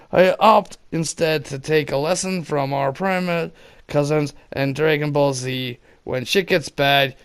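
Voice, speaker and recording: A man reads a story aloud in a slightly high, gravelly voice. He drops in wry asides between passages, and when the story calls for it he shouts the lines out. It sounds like casual reading at home, not a polished production. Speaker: reader of online stories.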